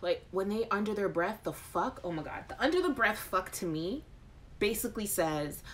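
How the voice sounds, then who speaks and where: Animated, lively woman hosting a live chat. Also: mid-range voice, normal speed, slight background noise. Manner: animated, playful and frank, with laughter. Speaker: host of a live chat show. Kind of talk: casual live-stream chat, reading viewer comments.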